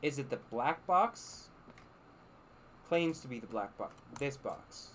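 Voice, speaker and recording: A man's voice: mid-range voice, animated, slow pace, fairly bright tone, a little hiss or hum. A man giving casual gameplay commentary, thinking aloud and muttering to himself as he plays. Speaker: game streamer.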